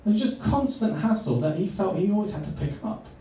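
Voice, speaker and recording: Male coach, lively pitch, mellow tone, miked from afar in a roomy space, earnest storytelling. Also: slight background noise. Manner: earnest storytelling, slows for emphasis. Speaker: transformational coach. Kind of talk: personal story talk. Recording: echoey room, far from mic.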